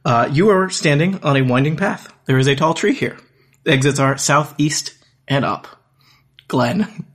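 A man acting as game master, narrating a text adventure aloud in plain, measured parser-style lines. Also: on the high side, a bit bright.

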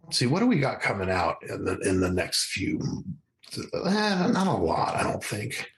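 A man's voice: lowish voice, very animated, moderate pace, a little hiss or hum. Rambling man chatting casually. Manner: rambling, with frequent restarts and laughs. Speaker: podcast co-host. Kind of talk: casual chat.

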